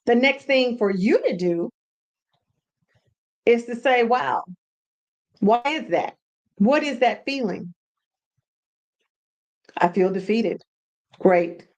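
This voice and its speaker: A woman hosting a casual teaching talk from home, animated and repeating words for emphasis. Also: on the high side, slow, long pauses. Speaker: podcast host and brand coach.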